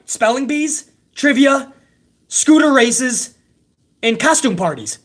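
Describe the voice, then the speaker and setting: A man's voice: very high-pitched, lively intonation, slow, a bit bright. A man tears through a wrestling show recap with heated, sarcastic outrage. He swears constantly and sounds fed up at every turn. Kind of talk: profane ranting show recap.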